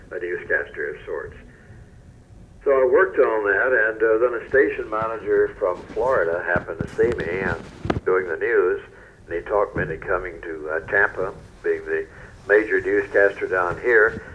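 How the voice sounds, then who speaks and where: An older man with a very low, deep voice recalls his broadcasting days in a folksy, unhurried way, often trailing off softly. The sound is dull and lo-fi, like an old radio recording. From North Carolina, US. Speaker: interview guest, retired newscaster. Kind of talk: relaxed storytelling interview.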